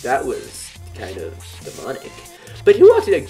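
A man's voice: a little high, huge pitch swings, moderate pace, warm tone, soft background music. A man doing goofy let's-play commentary, playful and joking. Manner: goofy, playful, drops into silly voices. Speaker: gaming YouTuber.

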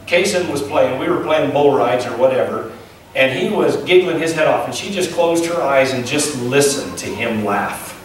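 A man's voice: medium pitch, expressive, moderate pace, slight background noise. A male pastor preaching a sermon in a folksy, conversational way, asking his listeners questions. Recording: echoey church sound from a distant mic.

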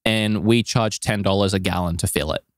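A man co-hosting a podcast, telling a travel story in a rambling, animated way with lots of filler words. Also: sits low, a little fast, dry recording, studio quality. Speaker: podcast co-host. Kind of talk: casual storytelling chat.

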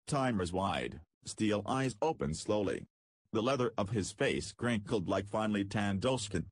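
A man narrating an audiobook in a measured storytelling manner. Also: lowish voice, lively intonation, slightly rough, no room sound. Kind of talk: scripted narration.

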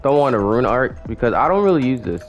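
A man commentating his own gameplay, excitable and trash-talking the boss, swearing and shouting at the screen. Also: medium pitch, quick pace, faint music behind. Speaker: gamer and channel host.

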